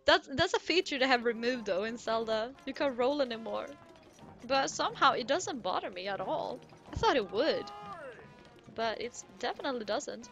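A woman's voice: a little high, expressive, normal speed, a bit bright, soft background music. A woman giving casual, chatty let's-play commentary, giggling and swearing casually. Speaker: gaming streamer.

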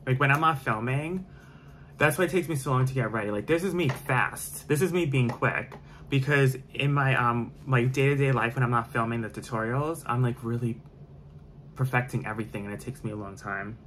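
A man's voice: mid-range voice, a little fast, a bit bright, slight background noise. A man chatting casually while doing his makeup on camera, opinionated and prone to tangents. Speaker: beauty vlogger. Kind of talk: casual chat during a makeup tutorial.

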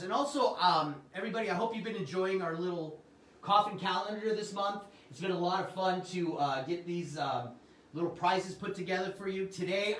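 A man's voice: high voice, fairly bright tone, distant mic. A man hosting a livestream sales show, with upbeat salesman patter and chatting with his viewers. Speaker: host. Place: Arizona. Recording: roomy sound from off the mic.

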